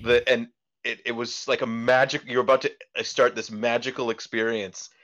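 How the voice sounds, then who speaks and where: A man's voice: medium pitch, little pitch movement, normal speed, a bit bright. A man joining a casual podcast chat, chatty and prone to restarting his sentences. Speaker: podcast co-host. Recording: dull lo-fi mic.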